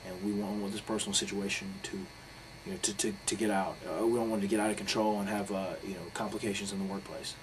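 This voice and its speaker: A professional wrestler from North Carolina, speaking fast in a fairly low, flat voice, recounts a heated personal story in a candid interview, blunt and profane. The recording is rough, with faint noise behind him.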